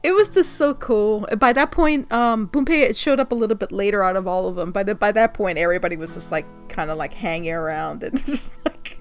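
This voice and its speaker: A woman's voice: medium pitch, expressive, fairly quick, hardly any pauses, faint music behind. A woman vlogger telling a story in a casual way, laughing often and acting out the quotes.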